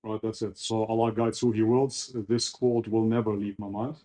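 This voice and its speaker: A man being interviewed on a podcast, explaining his views in a steady, lecturing way. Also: on the low side, normal speed. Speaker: interview guest. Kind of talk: casual interview chat.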